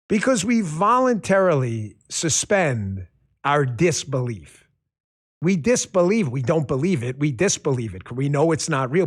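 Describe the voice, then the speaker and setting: A man hosting a political commentary show, talking in an animated, sarcastic monologue. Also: a little high, breathy edge. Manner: animated, sarcastic, mocking impressions. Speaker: host.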